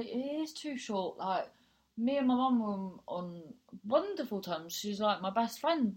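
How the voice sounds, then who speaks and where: A woman talking casually as a podcast host, blunt and frank, swearing freely and rambling with many restarts. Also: medium pitch.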